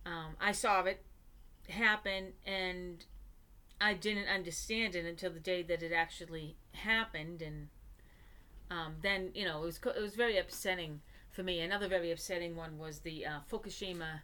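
A woman guest on an interview podcast, telling of her visions in a halting way with many pauses and fillers. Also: lowish voice, fairly even intonation, sharp tone. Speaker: guest psychic medium. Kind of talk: conversational interview.

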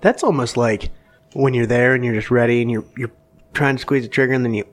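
A man's voice: mid-range voice, steady tone, fairly quick. A man co-hosting a podcast, reacting with brief comments and laughing agreement. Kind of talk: casual chat.

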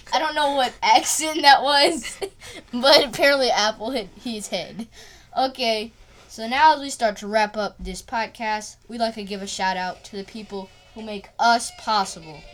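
A woman's voice: on the high side, a bit bright. A woman co-hosting a podcast who reads out segments and sponsor lines and laughs often between them. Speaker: podcast co-host. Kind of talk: scripted podcast segments with playful banter.

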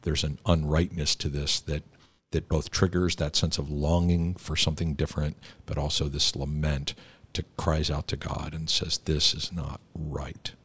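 A middle-aged man with an extremely deep, husky voice hosts a church podcast interview. He speaks reflectively and thoughtfully, with a fairly flat, even delivery. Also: normal speed, no room sound. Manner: reflective, thoughtful, with brief affirmations. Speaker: podcast host, church stated clerk. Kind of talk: conversational interview.

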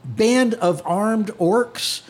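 High-voiced game master, casual and halting. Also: male voice, animated. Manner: casual, hesitant, many fillers. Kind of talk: narrating a tabletop game.

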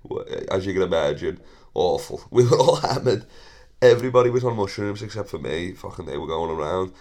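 A man's voice: sits low, a little fast, darkish tone. A thirty-year-old man, hosting a podcast and telling rambling, sweary stories with frequent laughs and self-corrections. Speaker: podcast host. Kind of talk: casual storytelling monologue.

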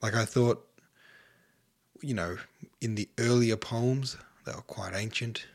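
A man's voice: medium pitch, slow pace. A man hosting a casual solo podcast, short of breath, rambling and offhand, sometimes sinking to a near-whisper. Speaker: podcast host.

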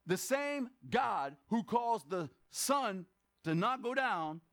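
Preaching slowly, a man with a very high voice gives his church a lively sermon. He puts questions to the congregation, works in joking asides, and sometimes bursts into a shout to make his point land.

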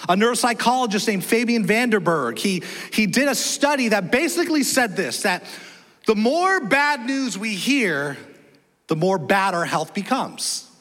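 Man, pastor, sermon, high voice, energetic, quizzes the congregation, long church reverb. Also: unhurried. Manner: energetic, chatty, asks the congregation questions. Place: church auditorium.

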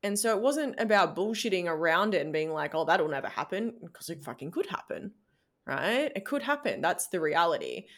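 A woman who coaches shadow work coaches speaks candidly as a guest in a casual podcast interview, using plenty of "like" and the odd swear word. Her voice is on the low side and sing-song, a bit bright, at normal speed.

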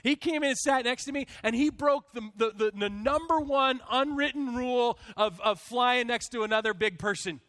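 A man preaching a sermon as a pastor, telling an animated, self-deprecating story with frequent restarts. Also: very high voice, normal speed, hardly any pauses, no echo. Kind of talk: sermon with a humorous personal story.

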